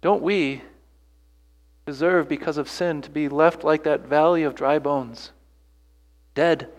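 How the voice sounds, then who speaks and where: A man's voice: fairly high pitch, steady tone, slow, big-room sound. A man preaching a sermon earnestly, pressing his listeners with rhetorical questions and repeated phrases. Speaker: pastor.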